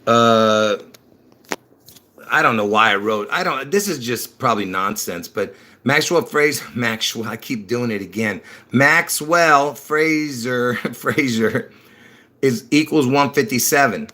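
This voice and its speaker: A man talks on his own livestream in a loose, rambling way, circling back over the same points and then pushing them hard with sudden excitement. His speech is slightly slurred from dentures, and he chuckles when he trips over a word. His pitch sits in a middling range for a man. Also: normal speed. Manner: rambling, repeats himself, bursts into excited emphasis. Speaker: livestream host. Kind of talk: rambling religious livestream talk.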